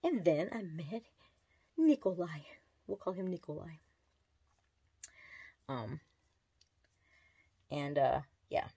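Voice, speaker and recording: A woman's voice: low-pitched, very animated, takes it slowly, pauses often, mellow, slightly rough, no echo. A woman vlogger talking in a meandering, confessional way while she does her makeup at a mirror at home. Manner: rambling, meandering, distracted while doing makeup. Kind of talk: casual confessional chat.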